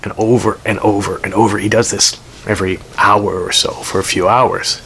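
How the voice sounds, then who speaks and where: A man casually telling a folk story out loud, rambling with asides and the odd curse word. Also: on the low side, flat delivery, moderate pace, gravelly, slight background noise.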